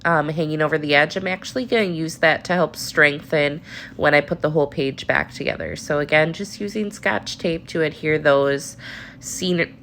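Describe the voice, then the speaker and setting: Woman, low voice, a bit stuffy from allergies, chatty upbeat craft tutorial host. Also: moderate pace, fairly bright tone, slight background noise. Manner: chatty, upbeat, talks to viewers directly.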